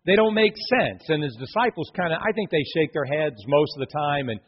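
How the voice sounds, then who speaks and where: Forty-something pastor guy, husky voice a bit high, joking around in his sermon, muffled recording. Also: lively intonation, brisk. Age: 40s. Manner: joking storyteller, acts out voices. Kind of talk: casual sermon. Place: church sanctuary.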